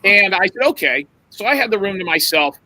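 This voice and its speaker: A man telling rambling, profane anecdotes in a casual, animated way on a podcast. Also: high voice, quick pace, no echo, low-quality recording. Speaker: podcast guest storyteller. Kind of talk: casual storytelling.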